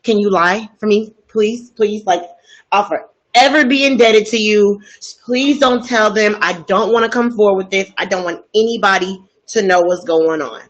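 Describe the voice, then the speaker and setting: A woman's voice: medium pitch, moderate pace, highs cut off, natural voice. A woman acting a panicked young woman pleading.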